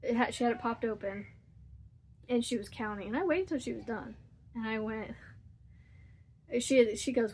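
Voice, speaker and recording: A woman vlogger chats while she crochets and rambles through a story with plenty of laughs. Her voice sits a little high. A faint hum of room noise runs under her talk. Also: moderate pace, long pauses, darkish tone. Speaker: crochet channel host. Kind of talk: casual chat while crocheting.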